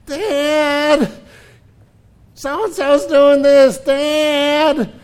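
A man's voice: extremely high pitch, fairly even intonation, extremely slow, pitched above the performer's own voice, heavily acted. A man voicing a whiny young child nagging their dad. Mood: whining.

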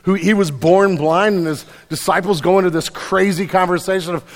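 A pastor with a high, steady voice preaches a sermon fairly quickly in a church sanctuary. He's conversational and emphatic but stumbles on repeated words, and the large hall gives a long reverb.

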